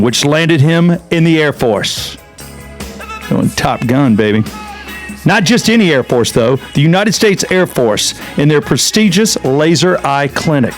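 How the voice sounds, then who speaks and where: Joking male podcast host, slightly high voice. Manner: joking, playful introductions. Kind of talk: casual podcast chat.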